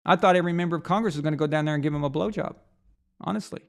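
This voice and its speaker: Gravelly man ranting about football. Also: a little high, very fast. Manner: blunt, heated, rhetorical questions, profane. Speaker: sports show host. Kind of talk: opinionated sports commentary rant.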